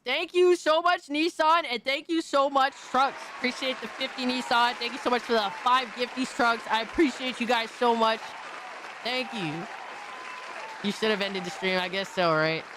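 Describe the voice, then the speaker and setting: A woman livestreamer in casual, profane chat, excitably reacting to videos and thanking viewers by name. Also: medium pitch.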